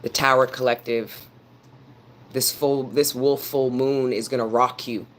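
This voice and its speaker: A man's voice: mid-range voice, steady tone, unhurried, fairly bright tone, slight background noise. A man giving a live tarot reading, talking earnestly and preachily straight to his viewers and repeating phrases for emphasis. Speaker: tarot reader.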